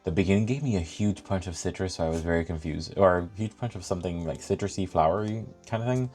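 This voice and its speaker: A man chatting casually while unboxing and reviewing fragrances, animated and thinking aloud with lots of fillers. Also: low voice, fast, soft background music.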